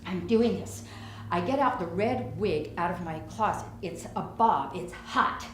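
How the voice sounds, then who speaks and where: A middle-aged woman doing a one-woman stage monologue, brassy and confiding, swinging between loud and soft. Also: on the low side, lively intonation, unhurried. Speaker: solo comedian. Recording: roomy live stage, audible noise.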